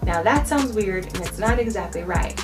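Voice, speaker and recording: A woman giving a patient travel-vlog language lesson, repeating each word slowly for the viewer to practice. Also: medium pitch, animated. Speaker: language teacher. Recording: distant mic with background music.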